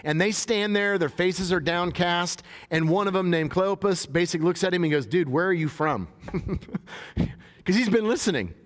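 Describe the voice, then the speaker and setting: A man's voice: high voice, moderate pace. A man preaching a sermon in a casual, joking way, reading scripture and paraphrasing it in everyday talk. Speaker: pastor. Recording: long hall reverb.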